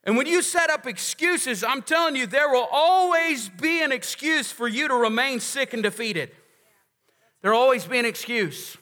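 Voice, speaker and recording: A pastor preaches in a high, bright, sharp voice that rings through a reverberant church hall. He is emphatic yet conversational and keeps checking in with the congregation. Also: moderate pace. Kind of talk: sermon. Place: large church sanctuary.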